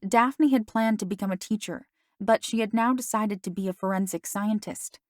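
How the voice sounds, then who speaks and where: A woman reading a first-person novel aloud as an audiobook narrator. Her telling is steady and even, with a middle-pitched voice. The recording is dry and close. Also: moderate pace, no echo.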